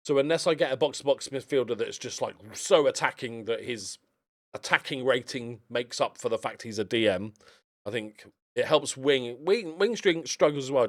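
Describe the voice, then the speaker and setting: A man talking through a football management game in relaxed let's-play style, cheering plays and chatting to viewers between matches. His voice sits a little high for a man and swings widely in pitch. He talks close to a desk microphone. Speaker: video game streamer.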